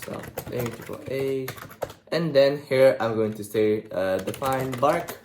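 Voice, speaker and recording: A man's voice: medium pitch, a little slow, darkish tone. Man reading code aloud while typing. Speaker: programming tutor. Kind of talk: screen-recorded coding tutorial. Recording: echoey room with faint typing noise. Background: keyboard typing.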